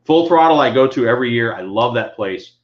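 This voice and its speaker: A man's voice: mid-range voice, animated, brisk. Rambling middle-aged man, slightly tipsy. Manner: rambling storyteller, drinking. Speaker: co-host. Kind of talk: casual chat. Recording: dull lo-fi sound.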